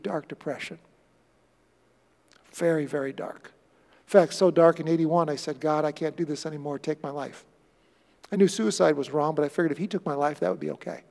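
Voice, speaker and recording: A male pastor preaches with a high, gravelly voice, shifting from loud bursts to hushed, earnest storytelling. His words ring with the long reverb of a large hall. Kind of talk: sermon.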